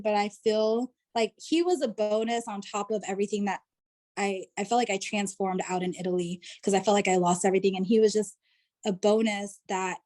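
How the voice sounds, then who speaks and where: Here a woman from the United States, appearing as an interview guest over video, recounts something from her own life, loose and filler-heavy with lots of "like" and "you know." Her mid-range voice has a slightly mellow quality.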